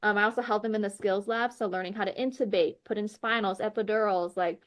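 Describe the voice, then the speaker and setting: This woman's medium-pitched voice moves at a quick pace as she tells her personal faith testimony on a podcast where she is a guest. Earnest and animated, she acts out the conversations she recalls and leans heavily on "like" and "you know."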